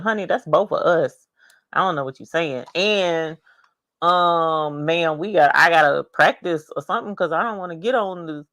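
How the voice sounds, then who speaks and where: A chatty woman hosts a craft livestream from home. She greets viewers and reads their comments aloud, with an animated, laughing delivery. Her voice is bright and forceful, and it sounds dry and close. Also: on the low side, no echo. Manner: animated, with bursts of laughter and cheering. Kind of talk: casual livestream chat.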